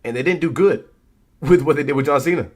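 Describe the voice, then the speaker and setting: A man's voice: on the high side, quick pace, a little mellow, breathy edge. A young man hosting a live stream, chatting casually with his viewers about wrestling in a laid-back, slangy way. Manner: laid-back, slangy, talks straight to chat.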